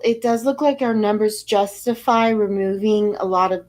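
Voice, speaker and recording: A woman's voice: mid-range voice, steady tone, unhurried, hardly any pauses. A woman physician with an American accent giving an informal weekly health briefing, talking over slides in a conversational way with fillers and restarts. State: a little out of breath.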